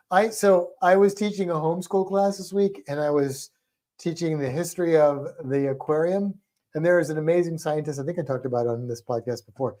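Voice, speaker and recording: A man's voice: a little high, fairly quick, dark tone. A man co-hosting a casual livestream podcast, chatty and playful, rambling through asides and tripping over hard names. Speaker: podcast co-host.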